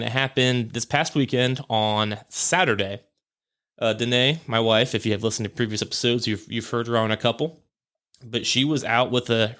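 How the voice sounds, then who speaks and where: A man's voice: on the low side, a bit bright. A man hosting a podcast, telling a story in a casual, rambling way and correcting himself as he goes. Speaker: podcast host. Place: home podcast room.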